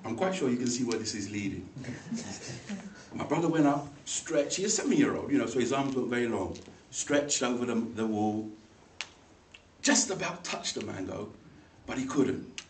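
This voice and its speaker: A man telling a funny personal story to a club audience, animated and now and then acting out the voices of the people in it. He sounds a little far from the microphone in an echoey room, with a faint noise behind him. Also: mid-range voice, normal speed. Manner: animated, acts out voices in the story, laughs along. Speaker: speaker at a speaking club. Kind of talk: humorous personal storytelling speech. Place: meeting room.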